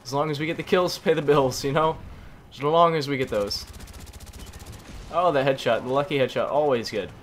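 Young male gamer, hoarse, excitable commentary over faint game gunfire. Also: mid-range voice, moderate pace, pauses often, slight background noise. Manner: excitable, exclaiming and groaning at teammates. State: hoarse, losing voice. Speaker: gaming YouTuber. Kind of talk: gameplay commentary.

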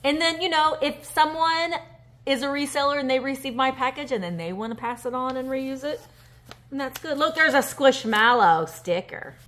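A woman, chatting casually on a handheld phone vlog as she reads fan mail and opens a gift, emotional and gushing with breathy gasps. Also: high voice, moderate pace, fairly bright tone. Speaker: vintage reseller vlogger. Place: indoors at a table. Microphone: handheld phone camera.

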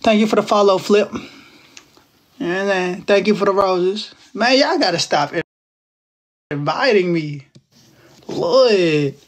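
Young guy from Texas, high pitched, playful slangy livestream banter, talking into his phone. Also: slow pace, long pauses. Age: 20s. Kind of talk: casual live-stream chat with viewers.

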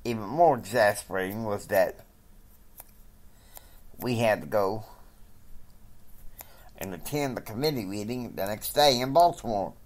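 A man narrates an improvised story at a slow, unhurried pace. He rambles and halts with frequent fillers as he sets up each scene. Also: fairly low pitch. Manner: halting, rambling, with many fillers.

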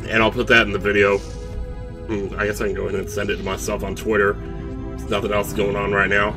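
Low-voiced man chatting over game music. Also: level tone, fairly quick, creaky. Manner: chatty, jokey, talks to the game character. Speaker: video game let's player. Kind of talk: casual gameplay commentary. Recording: game music playing under the voice.

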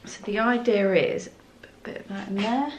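A woman's voice: mid-range voice, moderate pace, roomy sound, slight background noise. A woman chatting casually while she works in her art studio, thinking aloud and poking fun at herself. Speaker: art vlogger.

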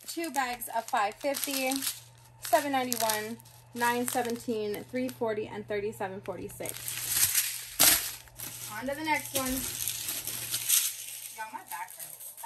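Young woman vlogger, chatty, a bit high-pitched, faint hiss behind. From South Florida, US. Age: 20s. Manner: chatty, reads out long strings of numbers. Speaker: craft vlogger. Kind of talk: casual unboxing chat.

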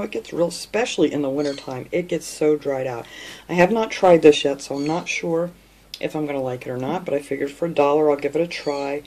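A woman's voice: deep voice, darkish tone. A woman hosting a casual shopping haul vlog from her home craft room, chatty and rambling with fillers. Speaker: craft channel host.

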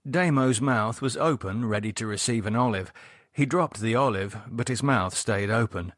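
A man narrating a novel aloud in a lively, expressive reading, with a husky voice. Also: mid-range voice, moderate pace, no room sound, studio quality. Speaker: audiobook narrator. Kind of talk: scripted narration.

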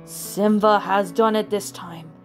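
Storybook villain lioness, scheming and spiteful, read by a woman in a mid-pitched voice, soft music below. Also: fairly even intonation, slow pace, natural voice. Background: soft background music.

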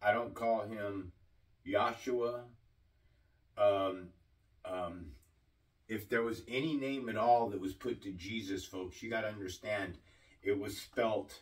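A man preaching a sermon-style teaching, slow and deliberate, often asking his listeners questions. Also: on the low side, steady tone, far from the mic, low-quality recording.

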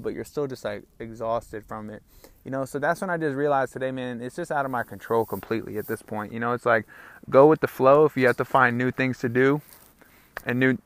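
A young man talks through his day on his own podcast, rambling and open, tossing in "bro" and "man" as he goes. He is a little out of breath. His voice sits at an ordinary pitch and is recorded dry and close. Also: a bit bright, no room sound. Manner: rambling, candid, calls listeners "bro" and "man". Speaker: podcast host. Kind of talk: casual solo podcast talk. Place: small outdoor hideout on rural land.

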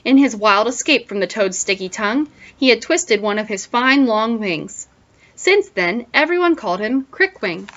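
A woman teacher reading a picture book aloud to children in an expressive storytelling way, pausing to ask them questions, on a dull lo-fi recording. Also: fairly high pitch.

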